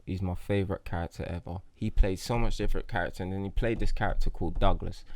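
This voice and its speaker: A man's voice: deep voice, fairly even intonation, quick pace, dry recording. A man born in Africa and raised in Jamaica, a comedian chatting casually in an interview with loose, laughing storytelling. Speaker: comedian guest.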